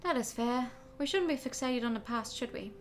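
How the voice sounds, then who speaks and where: A woman's voice: fairly high pitch, expressive, normal speed, natural voice. Woman reading as suave fox detective Vulpes. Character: suave male fox private investigator.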